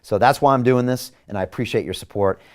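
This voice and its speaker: A man's voice: mid-range voice, fast talker. A man running for mayor who hosts a show, giving an emphatic campaign address to viewers, firing off rhetorical questions and reading out their comments. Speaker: mayoral candidate and show host.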